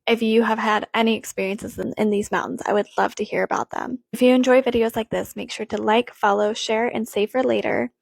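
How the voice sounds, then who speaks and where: A woman's voice: fairly high pitch, steady tone, brisk, gravelly, hardly any pauses, no room sound, rough recording. A woman narrating a scary story in a matter-of-fact, chatty way.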